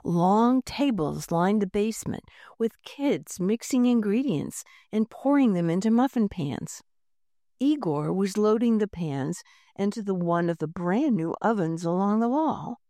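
Warm, lilting woman reading a storybook. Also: mid-range voice, animated, measured pace, dry recording, studio quality. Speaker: narrator. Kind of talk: storybook narration read aloud.

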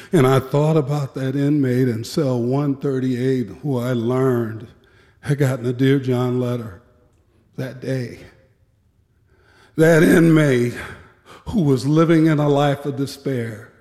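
A man, a former prison guard, telling a personal story in a measured, grave way with deliberate pauses. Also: mid-range voice, mellow. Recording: echoey hall with long reverb.

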